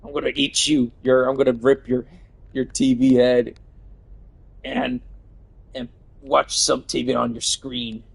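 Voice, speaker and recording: Male gamer streaming live, fried gravelly tone with a husky edge, swears freely. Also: mid-range voice, level tone, measured pace, long pauses, rough recording. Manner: irritable, swears a lot while playing. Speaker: game streamer. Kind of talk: casual live gameplay commentary.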